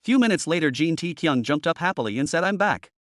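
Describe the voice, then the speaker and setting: A man narrating a comic story recap in a steady, plain storytelling manner. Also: on the high side, fast talker, no echo, studio quality.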